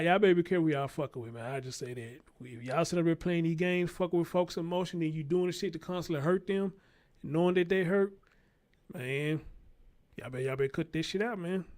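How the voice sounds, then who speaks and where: A man's voice: a little high, fairly quick. A man hosting his own show, giving a blunt, profane, unscripted commentary and repeating his points for emphasis, speaking.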